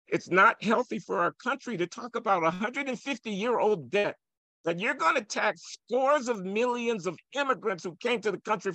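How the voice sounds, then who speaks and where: An older man, an economist guest, arguing forcefully and provocatively in an interview. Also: sits high, vocal fry, no echo. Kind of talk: heated interview argument.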